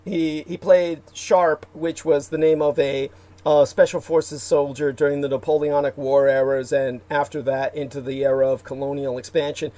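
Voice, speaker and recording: A man's voice: on the high side, flat delivery, moderate pace, dark tone. A man hosting a casual livestream, rambling with many fillers and restarts and reading out viewer comments. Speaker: livestream host.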